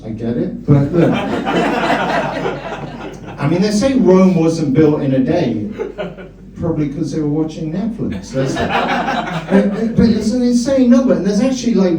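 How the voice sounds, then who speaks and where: A man's voice: on the high side, expressive, a little slow, crowd noise. A male stand-up comedian in a comedy club, rambling and teasing the audience. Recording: echoey club from a distance.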